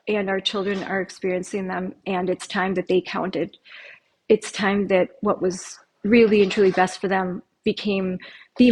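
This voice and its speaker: A woman speaks as a school board candidate in a heartfelt personal appeal. Her talk is earnest and emotional. She often breaks off, restarts, and fills pauses as she goes. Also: medium pitch, poor audio.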